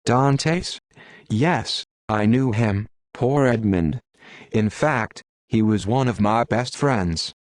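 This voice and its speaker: A poor, grumbling innkeeper complains in a low, dry voice, as a man reads him aloud. He talks in sighs and sour remarks. The narration stays close and plain. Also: takes it slowly, dry recording. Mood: bitter. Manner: complaining, sighing talk. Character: poor male innkeeper, bitter and self-pitying.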